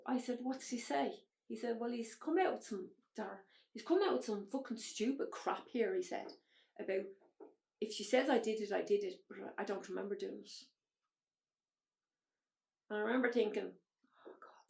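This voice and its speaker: An Irish woman appearing as a podcast guest tells her own story bluntly and emotionally, swearing frankly. Her medium-pitched voice has vocal fry, and the recording is reverberant.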